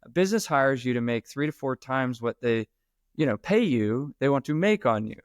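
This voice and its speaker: A man being interviewed on a podcast about his sales book, talking in an emphatic, animated, casual way. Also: mid-range voice, normal speed, no room sound, studio quality. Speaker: author and sales trainer, guest.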